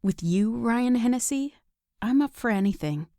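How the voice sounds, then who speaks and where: A woman's voice: on the high side, expressive, normal speed, warm tone, no echo, clean studio sound, voice pushed up. A woman voicing an emotional young woman in love in an audiobook romance, her speech lifted and eager. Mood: joyful.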